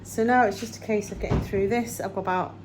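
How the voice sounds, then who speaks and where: A woman's voice: medium pitch, fairly even intonation, quick pace, background noise. A woman chatting casually in a daily vlog, rambling about her day while walking outdoors, sometimes out of breath. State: out of breath at times. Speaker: vlogger.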